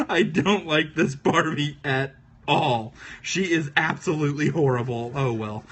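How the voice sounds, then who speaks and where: A man's voice: a little high, unhurried, fairly bright tone, husky. A man hosting a casual drawing livestream, joking and laughing often as he chats with viewers. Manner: giggly, playful, laughs often. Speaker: livestream host.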